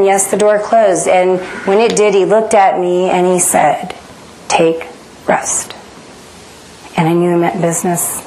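A middle-aged American woman recounts a personal testimony with earnest, dramatic delivery, acting out the voices in her head. Her pitch sits in an ordinary middle range. A faint noise floor runs under the recording. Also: a little mellow, rough recording. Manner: earnest, dramatic retelling that acts out inner voices.

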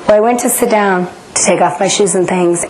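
Middle-aged woman telling her faith story, earnest and dramatic, mid pitch, bit of hiss behind. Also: a little fast, a little mellow, low-quality recording. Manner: earnest, dramatic retelling that acts out inner voices. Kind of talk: personal testimony storytelling.

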